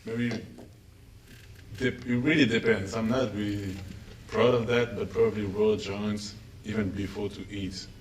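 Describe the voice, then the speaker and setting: Zögernder tiefer Mann, ferner Raum. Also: male voice, lowish voice, steady tone, unhurried, reverberant, recorded from a distance, a little hiss or hum, poor audio. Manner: hesitant, searching for words. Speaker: guest producer and DJ. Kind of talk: casual chat.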